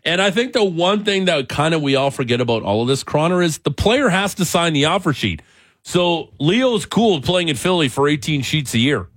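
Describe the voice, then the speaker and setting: A man's voice: a little high, sing-song, normal speed, a bit bright, no room sound. A man hosting sports talk radio, chatting casually with a co-host and mocking others when he imitates them.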